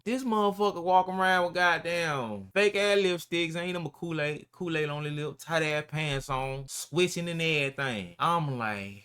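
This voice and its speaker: A man's voice: a little high, normal speed, hardly any pauses, a bit bright, clear, resonant tone. A man casually telling his own prison story to his viewers in slangy, profane street talk. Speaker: YouTuber telling prison stories.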